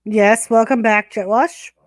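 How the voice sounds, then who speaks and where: A woman's voice: on the high side, steady tone, unhurried, dry recording. A woman hosting a casual livestream chat, crude and teasing, laughing often. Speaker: livestream host.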